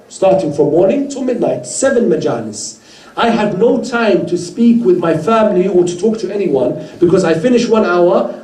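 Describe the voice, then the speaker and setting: A man giving a religious sermon to a gathering, telling stories earnestly and voicing the people in them. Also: high-pitched. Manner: earnest storyteller, quoting others in lively voices. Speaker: speaker at a mourning gathering. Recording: roomy hall heard from a distance.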